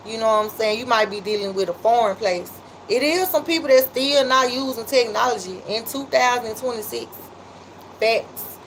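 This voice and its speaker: A woman with a Memphis accent chats on a livestream, reading out comments and shouting out her viewers. Her voice sits a little high and she talks in a loose, drawn-out way. There is a faint hiss under the recording. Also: poor audio. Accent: Memphis, Southern US. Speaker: livestream host.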